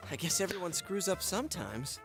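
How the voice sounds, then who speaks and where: A man's voice: high voice, big pitch swings, a little fast, gravelly, heavily acted. A chatty teenage boy. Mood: casual. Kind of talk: video game voice acting. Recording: game audio under music.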